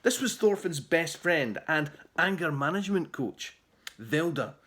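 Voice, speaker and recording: A man reading his children's book aloud in an animated, theatrical way. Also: a little high, a little slow.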